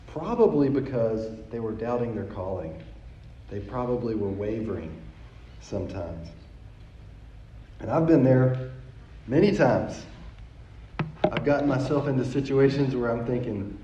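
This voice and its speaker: A man's voice: mid-range voice, expressive, a little slow, pauses often, warm tone. A man preaching a sermon as pastor, telling a story in a conversational way and often repeating words as he goes. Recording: echoey, dull sound from a distant mic.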